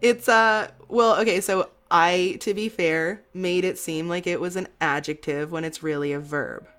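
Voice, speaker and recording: A woman's voice: fairly low pitch, fairly even intonation, unhurried, a bit bright, faint music behind. Giggly woman podcast host. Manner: giggly, self-mocking, laughs often. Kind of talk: casual chat.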